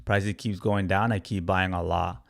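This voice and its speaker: A man's voice: sits low, steady tone, normal speed, gravelly. A man in his thirties, a crypto trading educator, talks casually and animatedly to a livestream chat, tagging "right?" and "you guys" onto nearly every line.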